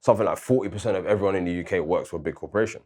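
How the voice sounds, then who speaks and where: A man with a fairly low voice co-hosts a casual debate. He presses his argument earnestly, with pointed questions and stories from his own working life. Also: racing, darkish tone. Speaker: co-host.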